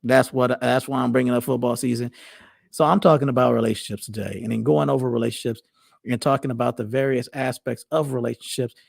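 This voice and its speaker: Gravelly-voiced man hosting a rambling monologue. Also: medium pitch, fairly even intonation, fast talker, no echo, clean studio sound. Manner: rambling, repetitive restarts. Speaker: host. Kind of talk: casual monologue.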